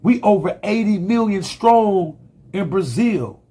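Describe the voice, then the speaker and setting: A man's voice: sits high, animated, slow pace, warm tone, slightly rough. A man giving a fiery, profane monologue full of rhetorical questions. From United States. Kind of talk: impassioned monologue.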